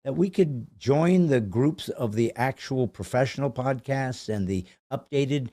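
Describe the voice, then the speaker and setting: A man's voice: medium pitch, measured pace, dark tone, dry recording. A man hosting a podcast in a studio, chatting casually with rambling, wry, self-mocking riffs. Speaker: podcast host. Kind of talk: casual chat.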